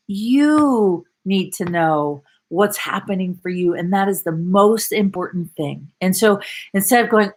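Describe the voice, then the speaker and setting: A woman coach talking to a live online audience, reading out viewer comments and speaking with animated, emphatic bursts and exclamations. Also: medium pitch, unhurried.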